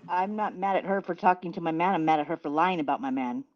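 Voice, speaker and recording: A woman's voice: on the low side, quick pace. A woman talks bluntly in a casual online group voice chat. She swears heavily and defends herself without backing down. The audio is dull and lo-fi.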